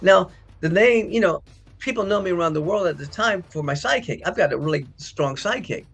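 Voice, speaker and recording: A middle-aged man, an actor, telling lively behind-the-scenes stories and acting out quotes. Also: a little fast, vocal fry, slightly rough. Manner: acts out quoted dialogue with big pitch jumps. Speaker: actor interviewed about a past film. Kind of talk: animated anecdotal storytelling.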